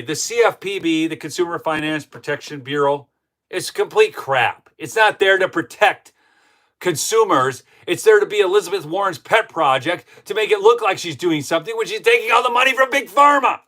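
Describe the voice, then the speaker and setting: A fired-up male host rants through a live political stream and keeps turning to his chat. His voice sits high for a man, and his indignation builds as he goes. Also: fairly bright tone. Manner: heated and indignant, talks to the chat. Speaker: political commentary show host.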